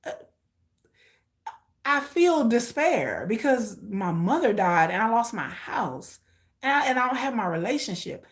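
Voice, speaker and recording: A woman's voice: a little high, very animated, measured pace. A middle-aged woman casually telling a personal story, blunt and emotional, swearing freely and acting out what others said. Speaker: live watch-along streamer.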